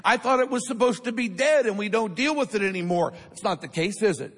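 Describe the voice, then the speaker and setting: A man with a high voice preaches a sermon in a church sanctuary. He drives his points home and keeps asking the congregation to answer back. The sound rings with the long reverb of the hall. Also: expressive, a little fast, husky. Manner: emphatic preaching with call-and-response questions to the congregation. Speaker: pastor.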